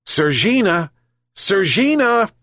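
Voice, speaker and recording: A kind old fisherman calling out to his pets, his voice climbing high and straining, as a male reader plays him. The pleading grows lively and loud, in a dry, close sound. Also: measured pace, no echo, full character voice.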